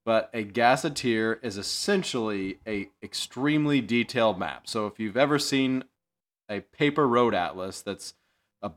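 A man's voice: lowish voice, lively intonation, moderate pace, a bit bright. A man, co-hosting a podcast in casual chat who explains things and chimes in on his friend's stories. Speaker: podcast co-host.

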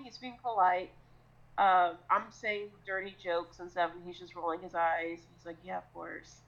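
A woman co-hosting a podcast, telling a crude, lively comic scenario full of swearing. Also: on the low side, highs cut off. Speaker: podcast co-host. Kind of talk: casual comedic storytelling.

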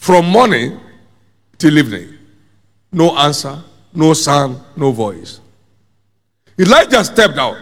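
Male preacher, emphatic sermon, lively rising pitch, slow delivery, gravelly edge, hall reverb. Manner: emphatic, repeating phrases, calls the congregation to answer.

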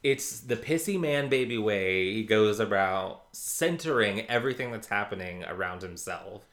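Male podcast co-host, lively delivery, deadpan sarcasm. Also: lowish voice, moderate pace. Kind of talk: casual chat.

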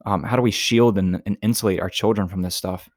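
Deep-voiced man. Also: steady tone, a little fast, darkish tone, no echo, clean studio sound. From Southern Alabama, US. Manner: thoughtful, earnest, rambling. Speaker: podcast co-host. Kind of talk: casual podcast chat.

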